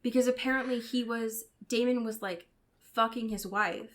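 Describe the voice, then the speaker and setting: A woman's voice: fairly high pitch, fairly even intonation, normal speed. A woman co-hosting a podcast in casual chat, retelling scenes in quoted voices and swearing casually. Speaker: podcast co-host. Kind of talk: casual chat recapping a TV show.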